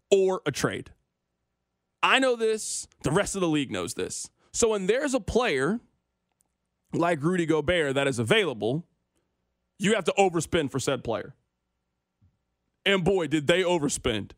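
A young man hosting sports talk radio, slightly higher-pitched than most men. He banters, whines playfully and mocks himself. The voice is dry and close, on a studio microphone. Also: no echo. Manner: animated, self-mocking, whiny complaints.

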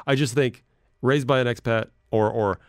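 A man's voice: mid-range voice, steady tone, normal speed, dry recording, clean studio sound. A man hosting a podcast in casual chat, rambling and self-deprecating as he reads messages aloud. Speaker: podcast host.

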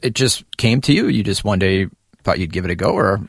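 A man's voice: lowish voice, expressive, brisk, vocal fry, husky, no echo. A man hosting a radio interview in a studio, amused and laughing along. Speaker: radio host.

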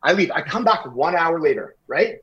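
A man's voice: a little high, expressive, normal speed, fairly bright tone, dull audio. A man on a podcast, rambling through a heated, profane comedic rant and acting out what others said. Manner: rambling, profane, confrontational, acts out quotes. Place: indoor room with wallpaper and a lit mirror.

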